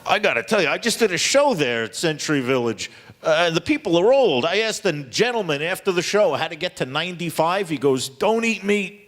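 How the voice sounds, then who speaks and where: A man's voice: on the high side, big pitch swings, a little fast, a bit bright. A man performing a stand-up comedy set with punchy delivery, laughing at his own jokes.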